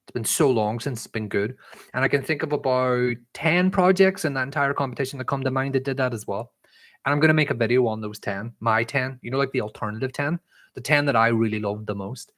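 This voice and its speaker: A young Irish man with an accent that has drifted from living abroad, talking loosely on a live stream. He rambles and fills his sentences with "um" and "like," and his pitch sits at an ordinary middle height for a man. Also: fairly quick, fairly bright tone. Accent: mixed Irish, shifted by living abroad. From Northern Ireland. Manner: chatty and rambling, many "um" and "like" fillers, reads chat messages aloud. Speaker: livestream host answering viewer questions.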